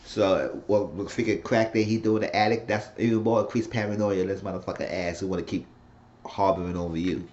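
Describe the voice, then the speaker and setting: A man with a fairly low voice rambles through an episode recap, swearing freely and acting out what each character said. The recording sounds slightly dull and lo-fi. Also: steady tone, fairly quick, a little mellow. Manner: rambling, profane, acts out characters' lines. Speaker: TV recap reviewer. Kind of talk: casual spoken episode recap.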